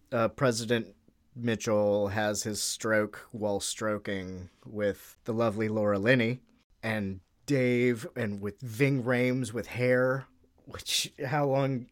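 A man chatting on a podcast, rambling and joking, sometimes losing his thread. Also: on the low side. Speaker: podcast guest. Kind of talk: casual political chat.

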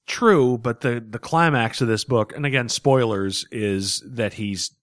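A man co-hosting a relaxed comic book discussion, animated and quick to laugh. His voice sits in an ordinary middle register and comes across dry and close, with no room around it. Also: medium pitch, no room sound. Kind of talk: casual comic book review chat.

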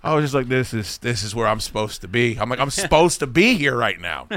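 Bright-voiced, profane male podcast host. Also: mid-range voice, lively intonation, fairly quick, no echo. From Virginia. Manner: profane, rambling anecdotes with acted-out quotes. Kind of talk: casual comedic storytelling. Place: podcast studio.

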